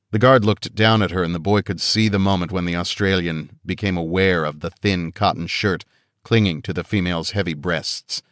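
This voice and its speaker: In a steady, deliberate manner, a man with a very deep voice narrates scripted fantasy fiction. The recording is dry and close, and no room sound can be heard.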